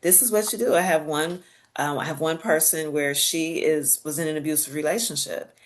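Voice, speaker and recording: Lower-pitched woman telling animated stories. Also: moderate pace. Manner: animated, acts out quoted voices; laughs while telling stories. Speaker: podcast guest. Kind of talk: casual storytelling conversation.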